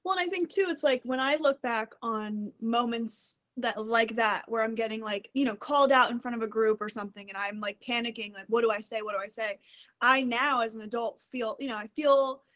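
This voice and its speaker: A woman's voice: fairly high pitch, a little fast, hardly any pauses, a bit bright. A woman hosting an interview, asking questions in an empathetic way. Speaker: podcast host. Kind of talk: casual interview talk.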